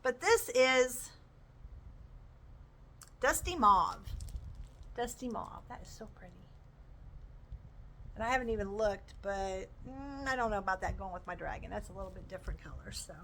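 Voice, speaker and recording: A woman's voice: mid-range voice, lively intonation, moderate pace, long pauses, pushed and bright, slight background noise, poor audio. A woman chatting enthusiastically as she shows off her crochet purchases. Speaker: crochet vlogger. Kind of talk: casual show-and-tell chat.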